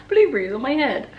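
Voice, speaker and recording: A young woman chatting casually through her day, laughing often and poking fun at herself. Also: very high voice. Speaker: vlogger. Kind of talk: casual chat. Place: home kitchen. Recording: echoey kitchen with clatter.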